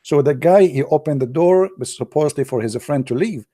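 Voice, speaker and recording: Vlogger, male, from the Arab world; teasing, mellow, dry sound. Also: on the high side, fairly quick, no echo. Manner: teasing, chuckling asides. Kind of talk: casual joking commentary.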